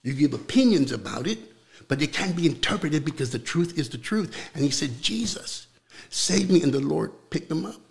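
A young man preaching with fervor in an interview, repeating words as he builds, then dropping to a hushed voice for prayer. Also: a little high, lively intonation, fairly quick, gravelly.

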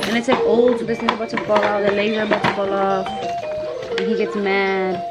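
A woman's voice: mid-range voice, fairly even intonation, moderate pace, over loud music, low-quality recording. A young woman vlogging casually on a phone, rambling with lots of fillers and talking to her little son. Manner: rambling, filler-heavy, talks to her toddler. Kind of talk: casual chat. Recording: loud street and traffic noise.

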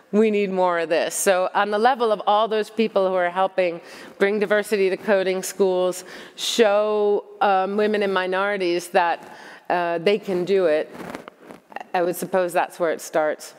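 A middle-aged woman from the United States talks at a conference in a candid, chatty way. Her voice sits at an ordinary pitch for a woman. The hall leaves a long reverb trailing behind her. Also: clean tone. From United States (Long Island). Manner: candid, chatty, self-mocking. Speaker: conference speaker. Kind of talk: conference talk with Q&A.

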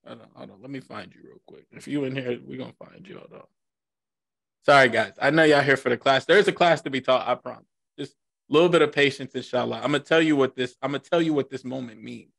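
A man with a deeply gravelly, creaky voice runs an online class over a video call. He talks casually and jokes, circling back to repeat his lines. The sound is dry and close. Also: fast, a bit bright, no echo. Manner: informal, joking, repeats himself. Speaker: class instructor.

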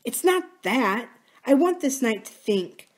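A woman reading aloud and voicing a wounded, scheming young woman who speaks slowly and softly to coax. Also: on the high side, big pitch swings, voice pushed up. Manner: soft, slow, coaxing.

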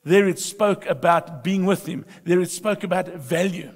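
A middle-aged pastor preaching a sermon, emphatic and humorous, moving between soft confiding talk and loud bursts. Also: male voice, high voice, normal speed, hardly any pauses, slightly rough. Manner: humorous storytelling. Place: church sanctuary. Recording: long reverb of a church hall.

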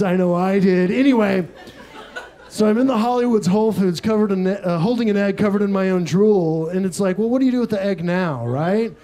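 A young man from Texas doing a live stand-up set, telling absurd stories in a deadpan way with quick asides. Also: high voice. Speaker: stand-up comedian. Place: comedy club stage with audience laughter.

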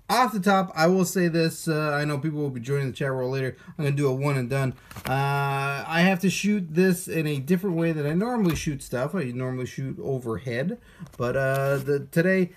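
Middle-aged man, unboxing host, lively up-and-down pitch, chatty. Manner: chatty, rambling, talks to viewers. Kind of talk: casual live-stream chat. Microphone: phone camera.

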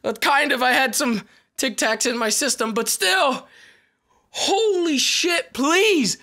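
Hoarse guy screaming over a game, high strained voice, gravelly and bright, drags his words. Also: slow. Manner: yells and swears excitedly. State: hoarse from shouting. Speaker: video game player. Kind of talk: excited gameplay commentary.

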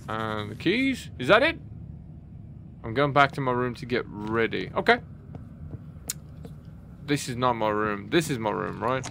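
A man playing a horror game on video, thinking out loud, startling easily and swearing when scared, then thanking viewers. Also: mid-range voice, very animated, a little slow, gravelly, pauses often, a little hiss or hum. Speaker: let's play gamer.

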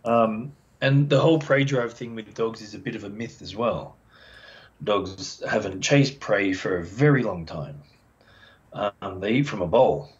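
A man, a dog behaviour expert, explaining as a podcast guest in a chatty, animated way and acting out the voices of dog owners. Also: on the low side, a little slow. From Australia. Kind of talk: casual podcast interview. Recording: dull lo-fi sound.

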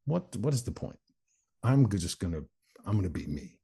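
A man's voice: fairly low pitch, very animated, normal speed, creaky, mellow, slightly rough. A man in his forties, a guest on an interview show, telling his life story candidly and acting out other people's voices. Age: 40s. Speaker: guest, motivational speaker.

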